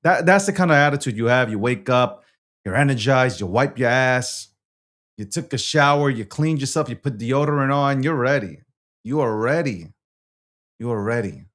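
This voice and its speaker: A man hosting his own show, talking casually in a loud, rambling, profane way with frequent restarts. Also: medium pitch, moderate pace. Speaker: host. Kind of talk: casual livestream talk.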